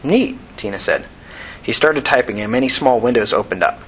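A male narrator reading a novel aloud at an even, steady pace. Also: mid-range voice, fairly quick, husky, rough recording. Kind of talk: audiobook narration.

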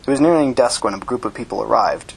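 A man reading short fiction aloud as narrator, plain and steady. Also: medium pitch, fast, gravelly, slightly rough.

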